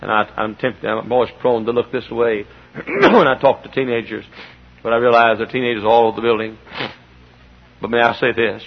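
A middle-aged man preaching as a Baptist pastor, impassioned, dropping to low asides and rising to shouts. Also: a little fast. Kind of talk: sermon. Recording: dull lo-fi recording.

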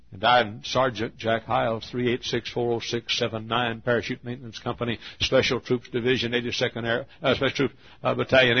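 Gravelly husky preacher in his fifties. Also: on the low side. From Texas. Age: 50s. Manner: folksy storytelling, rising to fervent exhortation. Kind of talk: sermon. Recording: dull lo-fi sermon recording.

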